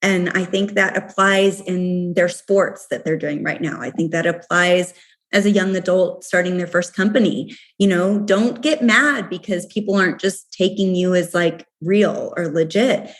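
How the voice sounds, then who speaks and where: A woman's voice: on the low side, moderate pace. A woman in her forties, a founder talking candidly and with animation in a casual interview, laughing often. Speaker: guest, company founder.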